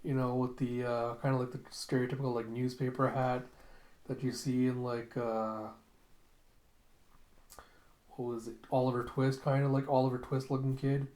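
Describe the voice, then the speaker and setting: A man's voice: mid-range voice, flat delivery, moderate pace, pauses often, darkish tone, echoey room. A man casually narrating a comic recap as host, chatty and laughing often. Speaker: comic read-along host.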